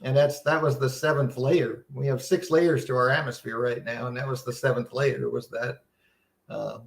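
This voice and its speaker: A man presents a casual, earnest Bible seminar, teaching conversationally with lots of restarts and a sense of wonder. His medium-pitched voice is steady and carries vocal fry at a normal pace, in a roomy-sounding space.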